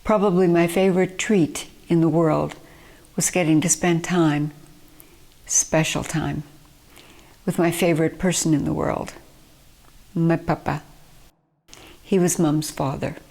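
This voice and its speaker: Slow, low-voiced woman reading her memoir. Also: steady tone. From Nova Scotia, Canada. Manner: gentle, measured storytelling. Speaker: memoir author reading her own book.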